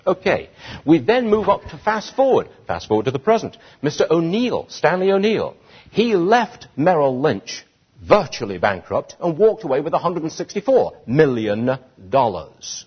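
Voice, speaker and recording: A British man speaking to a live audience, his pitch swinging widely as he builds to indignant peaks. His voice is husky. The recording sounds dull and lo-fi. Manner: animated, rising to indignant emphasis. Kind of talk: public speech.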